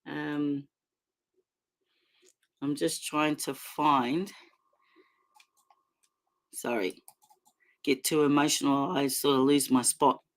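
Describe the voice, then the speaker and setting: Speaking slowly in a low-pitched, steady voice with frequent pauses, a middle-aged New Zealand woman hosts a casual livestream. Into her computer mic she rambles passionately, with plenty of fillers and restarts.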